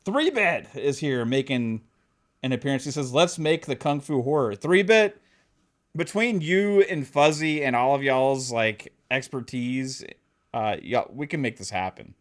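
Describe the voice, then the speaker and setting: Picture a laid-back man hosting a podcast, chatting casually and cracking jokes. He laughs easily, and his pitch sits in the middle, neither high nor low. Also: lively intonation, a little slow. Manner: laughs often, reads chat shout-outs, joking. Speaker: podcast host.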